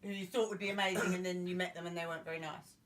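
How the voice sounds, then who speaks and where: A woman's voice: lowish voice, fairly even intonation, very fast. A woman guest in a casual chat, laughing often and playfully pushing back.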